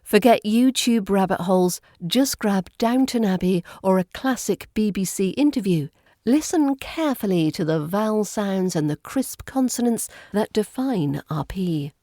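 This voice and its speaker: A woman's voice: mid-range voice, animated, measured pace, mellow, no echo, studio quality. A woman with a British RP accent giving a scripted, upbeat accent lesson for a podcast. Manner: upbeat, playful teaching tone.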